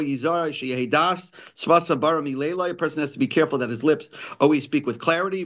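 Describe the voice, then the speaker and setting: A man's voice: a little high, fairly bright tone. A man giving a daily Torah text lesson, reading lines and explaining them in English frequent restarts and fillers. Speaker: Torah teacher.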